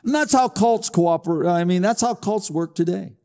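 A man's voice: sits high, moderate pace, warm tone, in a large hall. An older man preaching a sermon, with emphatic rises, sing-song stresses and repeated words. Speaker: pastor.

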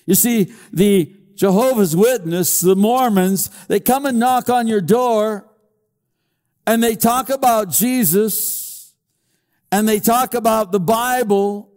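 A man's voice: high voice, slow pace, a little mellow, big-room sound. An older man preaching a sermon, with emphatic rises, sing-song stresses and repeated words. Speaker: pastor.

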